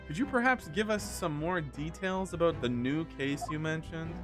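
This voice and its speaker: A man's voice: a little high, normal speed, natural voice. Nervous, stammering young lawyer, voiced by a male streamer, game music behind. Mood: unsure. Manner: hesitant, stammering. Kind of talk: reading game dialogue aloud.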